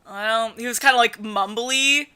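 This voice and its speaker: A woman's voice: a little high, moderate pace, bright, forceful tone, clear, resonant tone. A woman reading a visual novel aloud and chatting casually about character voices, with lots of fillers and laughter. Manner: rambling, filler-heavy, laughs often. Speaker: visual novel let's player. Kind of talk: casual let's play chat and reading aloud.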